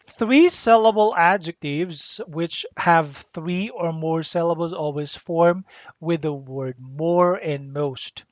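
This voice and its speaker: Teacher, slow deliberate grammar lesson, spells out letters, dull dry lo-fi sound. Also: mid-range voice, no echo. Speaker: English teacher.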